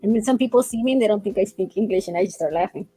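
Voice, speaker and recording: A middle-aged woman from Mexico, chatting casually and fast, loudly and with lots of laughter. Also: medium pitch, breathy edge, soft background music, rough recording. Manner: loud, fast, laughing talker. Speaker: stream host. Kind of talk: casual chat.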